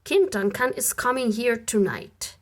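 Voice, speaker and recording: A woman voicing a scheming, ambitious noblewoman who talks insistently, at times dropping to a hush. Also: on the high side, measured pace.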